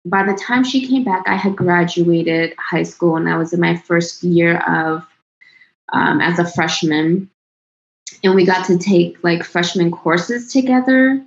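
Chatty woman with a lowish voice, lo-fi. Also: measured pace, vocal fry. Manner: chatty, laughs often, trails off and restarts. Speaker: interview guest. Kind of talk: casual personal storytelling. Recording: dull lo-fi sound.

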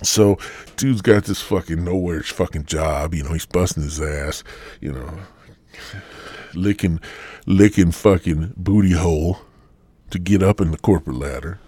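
A man's voice: low voice, unhurried, long pauses, warm tone, slightly rough, dry recording. A man in his sixties hosting a podcast, ranting in a crude, sardonic, swearing way. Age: 60s. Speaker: podcast host. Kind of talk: profane comic rant.

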